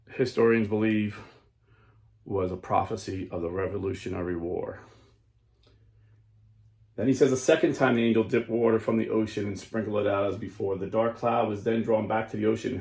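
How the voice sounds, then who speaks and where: A man's voice: fairly low pitch, a little mellow. A man hosting a Catholic commentary show, reading a historical account dramatically and then explaining it plainly. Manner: slows and stresses lines when reading aloud, then explains plainly. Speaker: host of a Catholic commentary channel. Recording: roomy echo.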